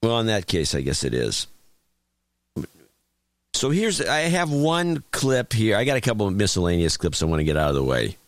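This is a man hosting a talk show, loose and opinionated, with a wry, blunt edge. His pitch swings widely as he talks. The sound is close and dry, with no room around it. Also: big pitch swings, dry recording. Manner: blunt, wry, halting with restarts. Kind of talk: casual opinionated chat.

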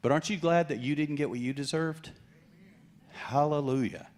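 Joking, animated pastor preaching. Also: male voice, on the high side, fast. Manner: jokey, animated preaching with acted-out quotes. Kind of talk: sermon.

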